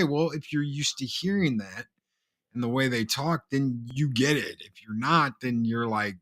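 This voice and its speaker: A man's voice: medium pitch, measured pace, sharp tone. A man in a casual film discussion, talking in a folksy storytelling way.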